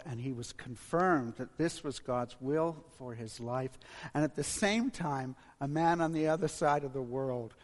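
A man preaching a sermon in a halting, storytelling way with frequent restarts, then leading a closing prayer. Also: medium pitch, a little mellow. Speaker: pastor. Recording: long hall reverb.

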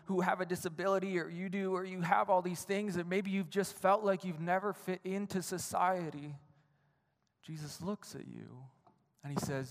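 A man preaches an earnest sermon in a fairly high voice and often doubles back on his own words. His voice rings out into a long, echoing hall. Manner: earnest, repeats words as he speaks, frequent "right?". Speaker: pastor. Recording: reverberant hall.

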